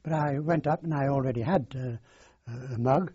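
An older man, recounting his past in a halting, rambling way in an oral history interview. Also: mid-range voice, warm tone, slightly rough, dry recording. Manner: halting, rambling storyteller with many fillers. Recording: dull lo-fi dry recording.

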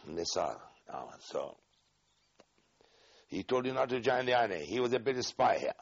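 An older man recalling events in an oral history interview, acting out the dialogue with animated energy. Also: mid-range voice, normal speed, vocal fry, no room sound, highs cut off. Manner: animated storyteller, acts out dialogue, laughs often.

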